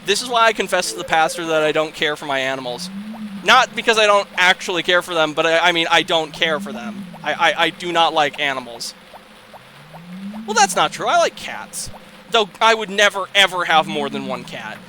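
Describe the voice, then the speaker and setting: This young man hosts a let's play, casually commentating on a farming game in a fairly high, sing-song voice at a moderate pace. He rambles and swears, swinging into exasperated shouting and laughter, over a slight hiss or hum.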